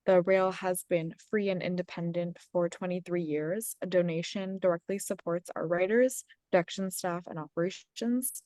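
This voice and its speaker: A woman moderator wraps up an online discussion with polite thanks and scripted announcements. Her voice sits a little low, and the sound is close and dry. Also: darkish tone, no room sound. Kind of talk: closing remarks of an online talk. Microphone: video call.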